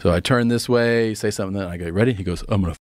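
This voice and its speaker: Low-voiced man telling rambling stories. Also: fast talker, dry recording. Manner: rambling anecdotes with acted-out quotes. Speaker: podcast guest. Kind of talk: casual podcast chat.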